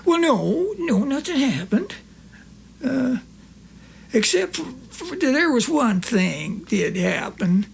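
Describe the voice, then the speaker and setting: A man's voice: extremely high pitch, sing-song, slow pace, gravelly, a little hiss or hum, voice pushed up, exaggerated voice. A man voicing a rambling, evasive old rancher who drawls and stumbles over repeated words.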